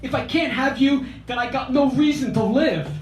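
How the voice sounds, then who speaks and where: A man's voice: very high-pitched, normal speed, slight background noise, voice pushed up. A man voicing a drunk, pleading married man in his late twenties with a South Philadelphia accent, pushy and urgent. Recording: roomy, distant cafe mic.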